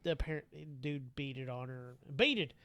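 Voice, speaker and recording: A podcast guest, a man with a medium-pitched, smooth voice, tells stories casually at a moderate pace. He swears and laughs as he animatedly acts out past encounters, and the recording is dry.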